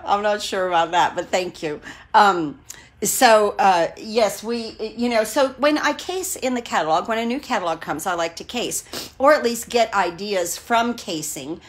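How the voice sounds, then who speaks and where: A woman's voice: medium pitch, a little slow. A woman in her sixties hosting a casual live craft stream, chatty and digressive, gushing with enthusiasm and greeting viewers by name as she goes. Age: 60s.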